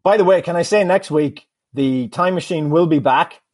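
A man's voice: a little high, normal speed, darkish tone, no echo. A man co-hosting a soccer podcast in casual chat, wry and easily exasperated, with hesitant fillers. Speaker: podcast co-host.

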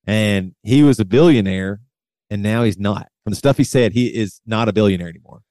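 A man's voice: lowish voice, darkish tone, no echo, studio quality. A man hosting a casual chat, reading out news items with loose asides. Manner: loose, reads out figures with halting asides. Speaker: podcast host.

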